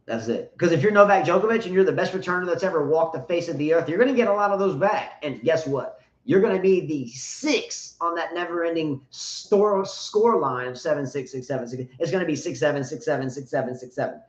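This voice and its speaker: Man, high-pitched, casual live tennis chat, animated and profane, roomy room, dull lo-fi sound. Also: a little fast.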